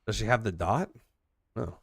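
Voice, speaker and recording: A man's voice: fairly low pitch, lively intonation, normal speed, creaky. A man giving casual, joking commentary while playing a video game, rambling and laughing often. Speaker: streamer.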